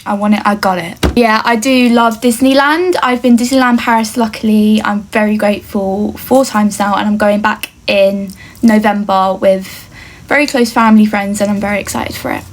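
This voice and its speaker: A woman's voice: mid-range voice, fairly even intonation, moderate pace. A young woman from England talking earnestly to camera in a casual get-to-know-me vlog, chatty and fond of saying "like". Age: young adult. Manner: chatty and earnest, often says "like" and "obviously". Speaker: vlogger.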